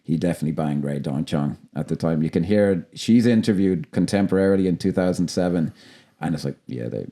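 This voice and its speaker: A man with a Dublin accent, co-hosting a podcast in casual film chat, animated and sweary, acting out quotes as he goes. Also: low-pitched, brisk. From Ireland. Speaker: podcast co-host.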